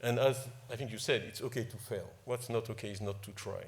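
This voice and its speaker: Delivering an informal awards-ceremony speech, this company CEO from Ivory Coast, whose first language is French, has a gravelly, lowish voice with fairly even intonation and a brisk pace. He is emotional and pokes fun at himself, often restarting and repeating words.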